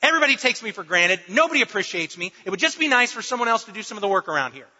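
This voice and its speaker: A man acting out an exasperated spouse who loudly complains about doing all the chores. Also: high voice, sing-song, racing, slightly rough, heavily acted. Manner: loud, complaining, indignant. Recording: dull recording with long hall reverb.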